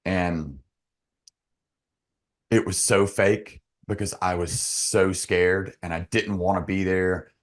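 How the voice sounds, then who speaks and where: Very deep-voiced man telling his story. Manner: earnest, halting with frequent restarts. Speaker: podcast guest. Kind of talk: emotional personal storytelling.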